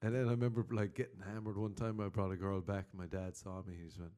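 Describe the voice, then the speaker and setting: Young man, Irish accent, casual storytelling, laughs often, warm dark voice. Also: low voice, fast. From Ireland. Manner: animated storytelling, laughs a lot, swears casually. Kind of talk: casual chat.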